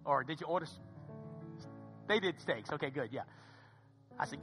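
A pastor preaching a sermon in church, telling a story with passion and swinging from hushed asides to loud, emphatic peaks. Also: male voice, fairly high pitch, animated, moderate pace, music in the background.

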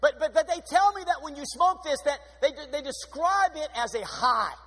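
High, energetic preaching man. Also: normal speed. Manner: energetic, exuberant preaching with sudden pitch swings. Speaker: pastor. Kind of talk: sermon. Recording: long hall reverb.

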